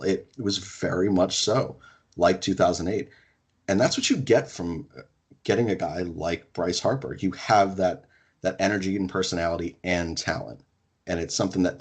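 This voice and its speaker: A young adult man hosting a podcast in casual sports chat, talking in an excited, emphatic way and swearing casually. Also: low voice, slightly rough. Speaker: podcast host.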